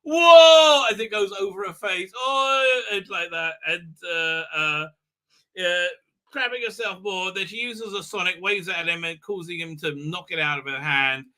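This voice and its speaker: Sarcastic, rambling man with a high, bright voice. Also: steady tone, normal speed. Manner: rambling and sarcastic, with many filler sounds. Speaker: host reviewing a TV episode. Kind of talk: live recap and review.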